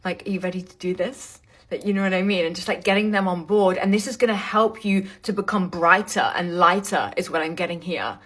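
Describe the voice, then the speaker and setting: A woman giving an intuitive tarot reading to camera, talking casually, full of fillers and pausing to search for words. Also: fairly low pitch, a bit bright. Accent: not American. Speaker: tarot reader.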